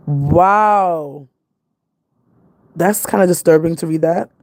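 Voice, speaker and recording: A woman's voice: on the low side, slow pace, a little mellow. A young woman with a New York accent, chatting casually and rambling on a livestream, laughing often. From Jamaican family. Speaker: vlogger.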